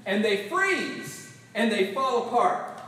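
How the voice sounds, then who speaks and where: Animated male pastor, high voice, big echoing church, mic some way off. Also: slow, recorded from a distance. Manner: animated, acts out biblical voices, laughs often. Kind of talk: sermon. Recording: very echoey hall, voice from off mic.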